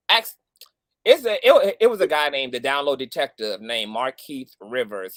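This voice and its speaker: A woman on a video call giving emphatic, lively commentary in casual chat. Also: extremely low pitch, no echo, clean studio sound. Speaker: co-host.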